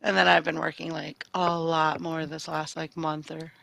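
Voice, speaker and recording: A woman co-hosting a gaming podcast in casual chat, telling animated stories, acting out quotes and laughing often. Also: sits low, normal speed, vocal fry, low-quality recording. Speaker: podcast co-host.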